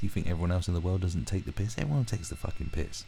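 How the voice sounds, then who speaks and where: A man's voice: sits low, expressive, quick pace, vocal fry, dark tone, slight background noise. A man ranting through a commentary video, swearing heavily and often restarting his sentences. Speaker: commentary vlogger.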